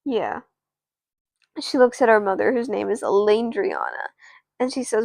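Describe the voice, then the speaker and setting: Sleepy, gravelly woman streamer. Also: medium pitch, lively intonation, measured pace, long pauses, darkish tone, dry recording. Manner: rambling, with restarts and asides to viewers. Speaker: streamer narrating a doll story. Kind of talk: casual live-stream storytelling.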